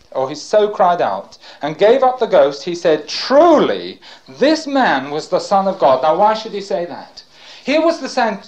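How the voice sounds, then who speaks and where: An older man with a voice on the high side preaches a sermon and reads scripture aloud, speaking fervently and breaking in with praise. He swings between loud cries and hushed tones, and the audio is poor.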